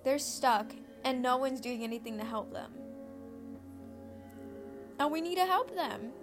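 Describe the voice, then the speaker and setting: High-voiced chatty teenage girl podcasting. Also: lively intonation, unhurried, music in the background. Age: teens. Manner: chatty, rambling, easily distracted, swears freely. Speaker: podcast host. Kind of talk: casual rambling podcast chat. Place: at home.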